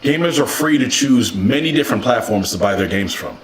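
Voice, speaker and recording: A man's voice: medium pitch, expressive, brisk, background noise, lightly acted. A man playing a cocky, boastful game store as a person, retorting in a comedy skit. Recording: distant mic with music underneath.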